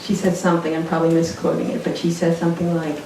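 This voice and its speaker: A woman's voice: low-pitched, completely flat delivery, quick pace. Reflective woman in an echoey bookstore. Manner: reflective, digressive storyteller. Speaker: author at a book event. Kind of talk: live onstage conversation. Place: bookstore event space with audience. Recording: very echoey room, mic far off, faint noise.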